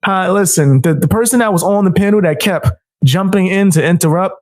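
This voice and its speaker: A man's voice: high-pitched, fairly quick. A man giving casual, trash-talking commentary while he reacts to a debate clip on his stream.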